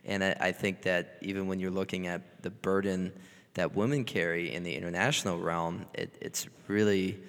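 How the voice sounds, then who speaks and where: A man hosting an interview, speaking in a halting way and often repeating words as he responds to his guest. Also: deep voice, steady tone, fairly bright tone, big-room sound. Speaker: interview host. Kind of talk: conversational interview.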